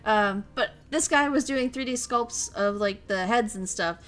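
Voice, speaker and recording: A woman's voice: a little high, unhurried, few pauses, a bit bright, faint music behind. A young woman from Minnesota, a streamer telling stories in casual chat, rambling and swearing freely. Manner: rambling, profane storytelling.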